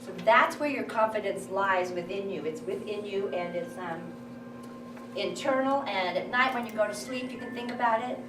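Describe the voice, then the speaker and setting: A woman's voice: medium pitch, moderate pace, background noise. Woman coaching a group in an echoey room. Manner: encouraging, leads group exercises, loud counting drills. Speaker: workshop coach. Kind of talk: live workshop talk to a group. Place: crowded room with a group standing. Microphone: far room recording. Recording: echoey room from a distance with music.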